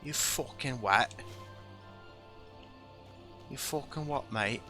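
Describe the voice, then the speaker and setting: A man's voice: mid-range voice, slow, bright, forceful tone, soft background music, voice pushed up. A man putting on a brash Cockney bloke. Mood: jeering. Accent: Cockney (put on). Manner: brash, jeering, swearing. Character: rowdy mocking Cockney bloke, male adult.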